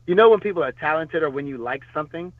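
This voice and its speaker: A former bodyguard, appearing as a podcast guest, rambles through his stories in a fast, high-leaning voice with lively intonation, full of fillers and restarts. The interview is casual, and the recording has no room sound but a tinny, phone-line quality.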